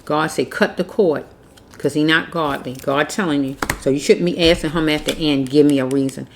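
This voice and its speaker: A woman's voice: sits low, fairly even intonation, normal speed, a little hiss or hum. A woman giving a casual tarot reading, blunt and preachy, repeating herself as she scolds. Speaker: tarot reader.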